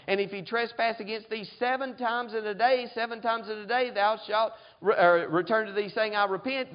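High-voiced pastor preaching. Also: male voice, muffled recording. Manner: preaching, frequent call-and-response "amen?". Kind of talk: sermon.

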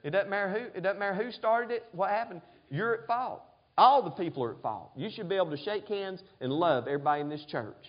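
High-voiced pastor preaching. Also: male voice, lively intonation, quick pace, dull audio. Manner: preaching, frequent call-and-response "amen?". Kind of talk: sermon.

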